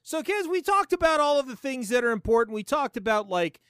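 A middle-aged man hosts a comedy podcast in a loose, sarcastic riff, laughing often. His voice sits high and bounces all over the place. The recording is close and dry. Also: very animated, brisk, fairly bright tone, clean tone, no echo. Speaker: podcast host. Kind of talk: casual comedic commentary.

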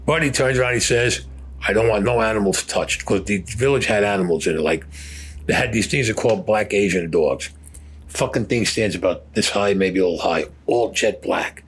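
Husky older man, blunt and profane. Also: on the low side, moderate pace. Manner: blunt, profane, heavy cursing. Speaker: war veteran. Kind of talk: storytelling interview.

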